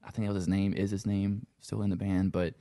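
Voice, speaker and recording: A man from Louisiana talks in a loose, casual way, with a Cajun accent and plenty of cursing. His voice sits deep and gravelly. The recording is dry and close, with no room echo. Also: level tone, fast talker, warm tone. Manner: loose and swearing, lots of "you know". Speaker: guest, sound engineer and musician. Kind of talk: casual interview chat.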